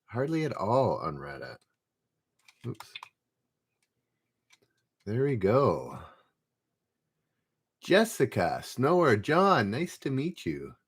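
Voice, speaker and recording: A man's voice: mid-range voice, wildly swooping pitch, takes it slowly, long pauses, breathy edge. A man hosting a live trivia stream, reading questions aloud and chatting easily with viewers in the chat, laughing often. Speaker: trivia game host.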